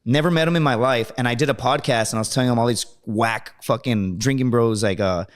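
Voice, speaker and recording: A man telling rambling, profane stories in casual podcast chat. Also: medium pitch. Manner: profane, rambling, fast storyteller. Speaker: guest. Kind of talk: casual storytelling.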